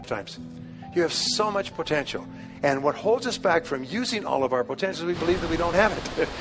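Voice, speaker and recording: A man calmly explaining self-help ideas, reasoning step by step in a measured way. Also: on the high side. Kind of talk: calm explanatory talk. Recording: music underneath.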